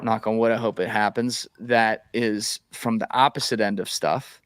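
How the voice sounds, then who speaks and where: A man talking casually as a podcast guest, giving blunt, profane and animated opinions. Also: fairly low pitch, moderate pace, clean tone, no room sound, studio quality.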